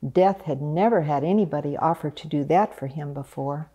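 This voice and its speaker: A woman reading a picture book aloud in a gentle, unhurried way. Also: deep voice, husky, muffled recording. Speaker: storyteller.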